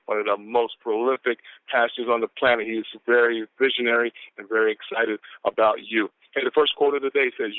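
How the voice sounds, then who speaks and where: A man's voice: medium pitch, steady tone, a little fast, smooth, no room sound. A man calling in to a motivational conference call, exuberant and preachy, whooping and repeating lines. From Atlanta, Georgia. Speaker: caller reading quotes of the day. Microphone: phone. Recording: phone line.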